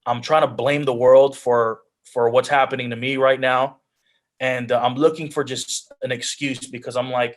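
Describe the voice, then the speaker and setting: A man's voice: medium pitch, level tone, normal speed. A man in his twenties, a pro football player, earnestly telling his life story as a guest on a video call, often quoting his own thoughts. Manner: earnest storytelling, drops into quoted self-talk.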